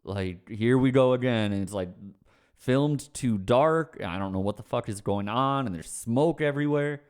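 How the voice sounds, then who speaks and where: A man's voice: medium pitch, normal speed, darkish tone, clear, resonant tone. A man on a livestream chatting casually with viewers, ranting, swearing and then apologizing with a laugh. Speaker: streamer answering chat questions.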